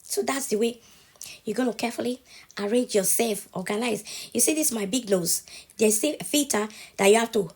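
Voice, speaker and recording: A woman's voice: on the high side, fairly quick, a little mellow, husky. A woman with a cold, talking through a casual step-by-step phone tutorial at home, checking in with the viewer after every step. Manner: chatty, keeps checking in with the viewer. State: has a cold. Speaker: TikTok tutorial creator.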